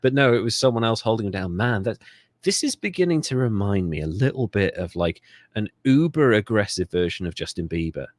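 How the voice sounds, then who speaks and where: A man's voice: lowish voice, expressive, fairly quick, no room sound. A man co-hosting a comedic history podcast, joking and swearing freely as he riffs on the story. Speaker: podcast co-host. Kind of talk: casual comedic history chat.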